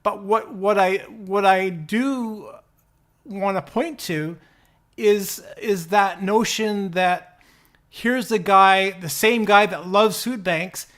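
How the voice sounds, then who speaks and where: A man co-hosting a podcast, speaking haltingly with constant restarts and fillers. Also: high-pitched, a bit bright. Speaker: podcast co-host. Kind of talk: podcast discussion.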